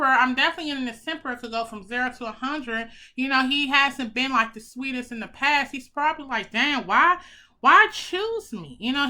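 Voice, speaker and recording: A woman doing a casual tarot reading for her viewers, chatty and excitable, talking to them as y'all, with some swearing. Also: sits high. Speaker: tarot reader.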